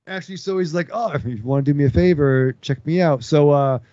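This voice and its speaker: Here a podcast co-host tells a lengthy, swear-filled tale, voicing the people in it. His voice sits on the higher side, warm and brisk, with no room sound at all, and the recording has a flat, dry podcast quality.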